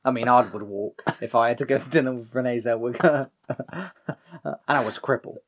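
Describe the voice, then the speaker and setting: A man's voice: mid-range voice, brisk. A young man in casual chat, retelling a film scene by scene and acting out the characters' lines, swearing freely. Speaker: podcast co-host recapping a film.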